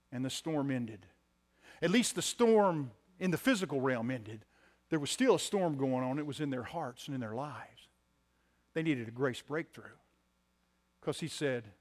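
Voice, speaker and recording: A pastor preaching a sermon to his congregation, swinging from loud emphatic lines to quiet ones and repeating key phrases. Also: fairly high pitch, sing-song, moderate pace, long pauses. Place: church sanctuary.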